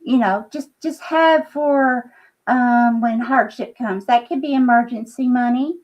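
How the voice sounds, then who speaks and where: A woman giving an earnest, halting psychic reading on a live stream, full of fillers and check-ins. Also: a little high, darkish tone, poor audio. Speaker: psychic reader using scrying.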